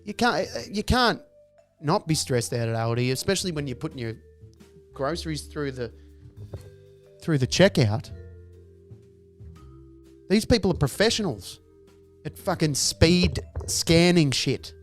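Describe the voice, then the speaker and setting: Male comedian, animated and exasperated, swearing, with soft music in the background. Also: fairly high pitch, unhurried, pauses often. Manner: exasperated ranting, profane, acts out noises. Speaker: stand-up comedian, podcast host. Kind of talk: comedic monologue.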